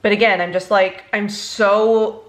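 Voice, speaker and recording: A young woman, a beauty vlogger, chatting casually through a makeup tutorial, rambling and halting, emotionally worn out. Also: medium pitch, fairly even intonation. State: emotionally exhausted.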